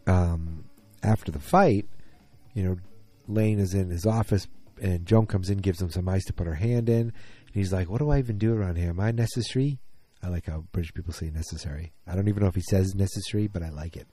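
A man's voice: low voice, fairly even intonation, fairly quick, warm tone, faint music behind. A man casually recapping a TV episode, rambling with many ums and restarts while retelling scenes and quoting characters. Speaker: TV show recapper.

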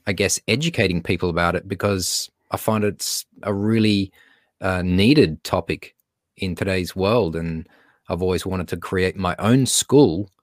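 A man's voice: low voice, no room sound, clean studio sound. A man with an Australian accent, a school teacher appearing as a guest on a podcast, talking in a friendly, joking way. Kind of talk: podcast interview.

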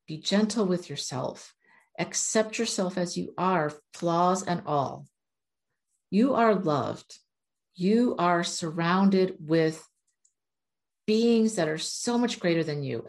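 A woman's voice: on the low side, a little mellow. A woman giving a casual oracle card reading to her viewers, earnest and encouraging, sometimes blunt. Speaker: spiritual oracle card reader.

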